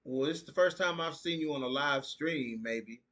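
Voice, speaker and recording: A man's voice: a little high, moderate pace, a bit bright. A man from the United States hosting a podcast live stream, chatting casually and reading viewer comments aloud. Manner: laid-back, reads viewer comments aloud and riffs on them. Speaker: podcast host.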